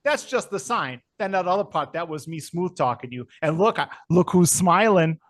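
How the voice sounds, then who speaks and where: Man putting on a loud Brooklyn accent, chummy swagger, catchphrase-heavy, highish voice. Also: expressive, moderate pace. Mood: flustered. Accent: put-on New York Brooklyn. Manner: keeps repeating a catchphrase, swaggering. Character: brash laid-back Brooklyn guy, loud and chummy.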